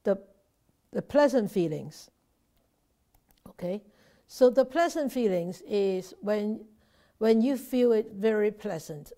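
A woman's voice: medium pitch, expressive, slow, pauses often, mellow. A Buddhist nun teaching an informal Dharma class over a video call, talking conversationally, often restarting and repeating words and checking in with her listeners.

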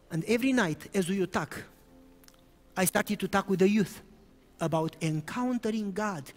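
A man's voice: high voice, lively intonation, normal speed, faint music behind. A man preaching a sermon, telling a story and often rising into sudden emphatic bursts. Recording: reverberant hall.

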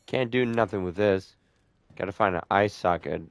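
A young man giving casual let's-play commentary, joking, swearing a lot and letting out sudden loud whoops. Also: deep voice, normal speed, vocal fry, a little hiss or hum. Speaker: gameplay streamer.

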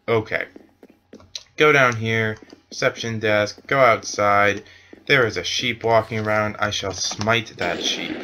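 A man's voice: fairly low pitch, sharp tone. A man who runs a game server, narrating a casual gameplay tutorial with jokey asides and frequent self-corrections.

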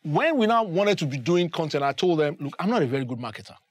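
A man's voice: a little high, very animated, quick pace, no room sound. Earnest man with a dry sound. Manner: earnest, emphatic storytelling. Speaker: broadcaster and production company founder. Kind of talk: roundtable discussion.

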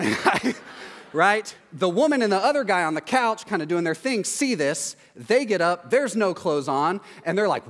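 A man preaching from a church stage, his raised voice ringing through a big hall with a long reverb. He tells a story with animated energy and slips into the voices of the people in it. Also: high-pitched, normal speed. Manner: animated, acts out voices in quotes. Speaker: pastor. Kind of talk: sermon storytelling.

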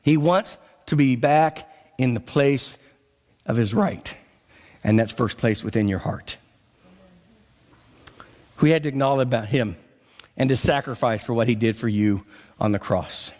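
A man preaching a sermon as pastor, swinging between impassioned declarations and low, drawn-out lines. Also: darkish tone. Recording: reverberant church sanctuary.

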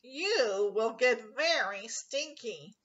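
A woman's voice: a little high, lively intonation, slow pace, fairly bright tone, lo-fi sound. A woman voicing a prim, know-it-all little female bunny in a storybook.

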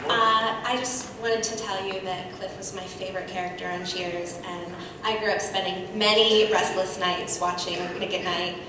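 A woman's voice: on the low side, steady tone, normal speed, hardly any pauses, background noise. Brief: young female fan at the audience mic, eager and chatty. Distant, echoing hall with crowd behind. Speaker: audience member asking a question. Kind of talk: fan question at a panel. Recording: echoey hall from far off with crowd.

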